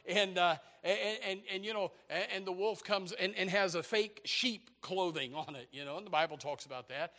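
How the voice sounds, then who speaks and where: A man's voice: sits high, moderate pace, few pauses, pushed and bright, long reverb tail. A man preaching a folksy sermon, exclaiming praise and often stammering into restarts.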